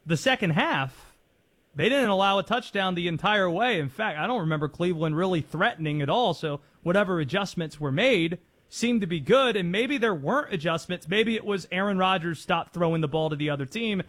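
A man hosting a sports call-in show, talking fast and animated, joking with callers and poking fun at himself. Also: sits high. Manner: animated, quick, jokey and self-deprecating. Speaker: sports talk radio host. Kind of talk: energetic sports radio talk.

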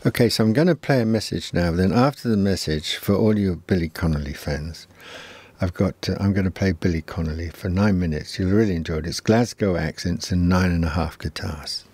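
A man presenting on radio, chatting to listeners in a relaxed, admiring way. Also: deep voice, brisk, slightly rough. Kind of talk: casual radio hosting.

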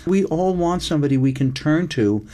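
A man's voice: fairly high pitch, animated, normal speed, dark tone. An older man, a screenwriter guest in a casual interview, talking reflectively and drawing out words for emphasis.

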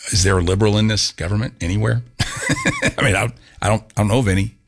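A man with a husky, somewhat low voice hosts a call-in talk radio show from the studio. He keeps things loose, cracking jokes and chuckling between his questions to a guest. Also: fairly even intonation, fast. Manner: joking, chuckles between remarks.

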